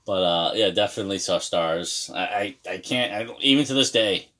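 A man's voice: deep voice, normal speed. Profane thirties man telling a story. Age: 30s. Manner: profane, animated storyteller with restarts. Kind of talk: casual storytelling.

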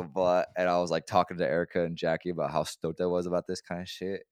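A young man co-hosting a podcast, telling stories fast and swearing a lot in casual chat. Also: extremely low pitch, no room sound. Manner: fast-talking, swears a lot, animated storytelling. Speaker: podcast co-host.

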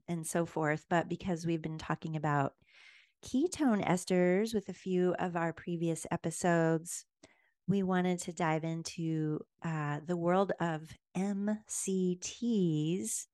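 A woman hosting a podcast, bubbly and quick to laugh in casual chat. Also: fairly low pitch, darkish tone, clear, resonant tone, dry recording, studio quality. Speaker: podcast host.

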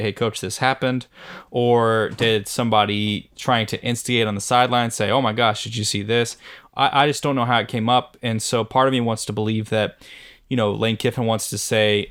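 A man's voice: lowish voice, a bit bright. A man co-hosting a casual sports podcast, thinking aloud in a hesitant way with many fillers. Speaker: podcast co-host.

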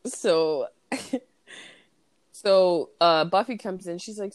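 A woman's voice: mid-range voice, sing-song, slow pace, pauses often, no echo. A young woman co-hosting a podcast, laughing a lot and swearing as she retells movie scenes in casual chat. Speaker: podcast co-host.

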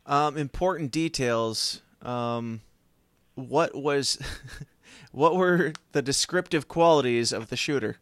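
A man's voice: mid-range voice, takes it slowly, a bit bright, no echo. A man hosting a podcast, chatting casually with a wry, joking, laid-back manner. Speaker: host.

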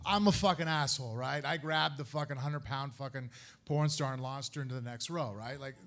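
A man telling a story on stage at a live podcast, profane and lively, cutting in on his wife. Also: mid-range voice, fairly quick.

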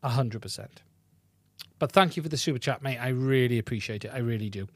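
A podcast host chats on a casual live stream in a rambling way, peppered with fillers and restarts, speaking a little fast in a mid-range voice. It's a dry recording from a podcast mic into a mixing console.

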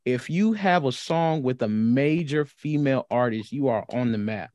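A man's voice: mid-range voice, animated, normal speed, darkish tone. A man co-hosting a podcast in casual chat, earnestly explaining his points. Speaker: podcast co-host.

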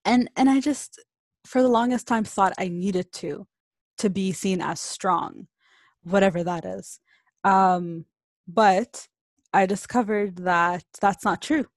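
A woman's voice: medium pitch, slow pace, no echo. A young woman in casual podcast chat, emotional and open, laughing often. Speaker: podcast co-host.

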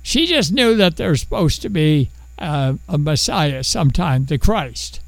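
Male preacher, high lively voice with gravelly edges, animated storytelling sermon, dry sound. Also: a little slow, dry recording, low-quality recording. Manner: animated storytelling, acts out biblical characters. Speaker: pastor.

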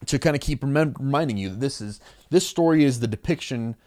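A man casually recapping a comic book story as podcast co-host, animated, acting out quick quotes. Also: medium pitch, dry recording, clean studio sound. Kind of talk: casual chat.

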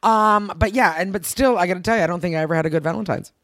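Woman, podcast co-host, casual chat, rambling, lots of "like", excited outbursts, dry close sound. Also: fairly low pitch, rapid-fire, no echo. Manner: rambling storytelling, heavy use of "like", bursts of excited shouting.

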